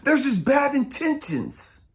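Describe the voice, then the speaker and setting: Blunt preachy man, lively pitch. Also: slow. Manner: preachy and blunt, swings between loud and hushed. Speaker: spiritual coach. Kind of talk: motivational talk.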